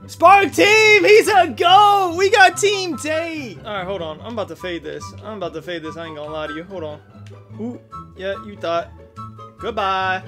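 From a home gaming setup facing a TV, a young man streams live commentary as a gaming YouTuber. His high, slightly bright voice carries hyped, slang-heavy trash talk aimed at opponents, addressed to his teammates and viewers.

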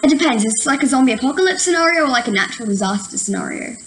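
A woman's voice: high voice, animated, racing, reverberant, low-quality recording. A young woman vlogging in a casual, chatty way, often filling with "like". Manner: chatty, lots of "like" fillers. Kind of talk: casual chat.

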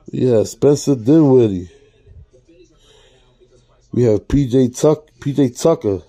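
A man casually reading out trading cards as he opens packs, talking to his viewers in a relaxed, slangy way. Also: a little high. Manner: reads out card names, casual slangy asides to viewers. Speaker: card-opening vlogger. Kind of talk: casual pack-opening commentary.

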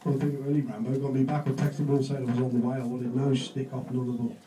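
A man's voice: mid-range voice, little pitch movement, fast. A man telling jokes to friends in a busy pub, swearing and laughing as he goes. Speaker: amateur joke teller. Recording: echoey room from far off with loud crowd.

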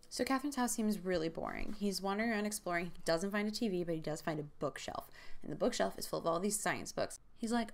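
A woman's voice: fairly low pitch, brisk. A young woman hosting a comedic book-recap show, retelling the story with sarcastic jokes and asides. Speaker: podcast host.

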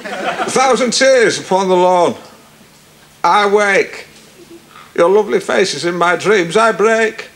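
A man's voice: high-pitched, slow, long pauses, exaggerated voice. A man performing a crude, boorish male pub comedian, rambling with lots of fillers in a stand-up monologue. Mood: boastful. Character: boorish male pub comic, lewd and loutish. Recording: old TV broadcast, loud live studio audience, noisy tape.

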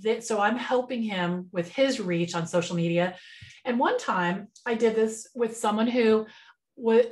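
Woman business mentor, webinar, relaxed chatty delivery, plain computer mic. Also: medium pitch. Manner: relaxed, chatty, frequent fillers and restarts. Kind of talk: conversational webinar presentation.

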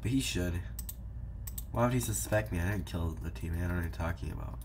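With a low, slightly mellow voice and a quick pace, the young YouTuber jokes at the players' expense and talks to viewers as he games. A little hiss or hum is audible.

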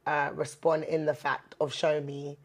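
A woman's voice: low voice, normal speed, breathy edge. Earnest woman speaking of her faith. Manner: earnest, animated when joking, many fillers. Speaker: interview guest. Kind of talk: candid faith-based chat.

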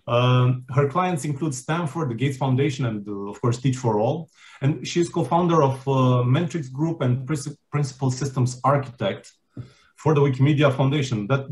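Hesitant male host. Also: mid-range voice. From Romania. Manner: hesitant, many fillers and restarts, laughs easily. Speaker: conference host. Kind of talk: casual conference introduction.

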